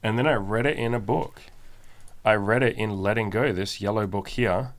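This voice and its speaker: A man with a lowish, gravelly voice co-hosts a relaxed podcast conversation. He speaks candidly and with emphasis, dropping casual swears as he goes. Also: normal speed. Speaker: podcast co-host. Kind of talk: casual chat.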